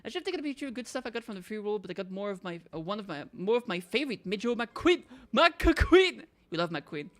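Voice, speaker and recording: A woman streamer chatting casually and excitably while she plays, silly and self-mocking. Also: medium pitch, rapid-fire, hardly any pauses. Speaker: gaming streamer. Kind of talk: casual gameplay commentary.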